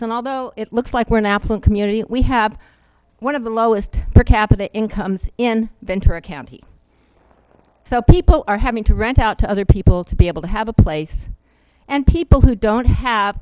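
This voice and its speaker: A woman giving an earnest, emotional public comment at a city council meeting, halting now and then with fillers, into a podium microphone. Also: mid-range voice, dry recording, low-quality recording.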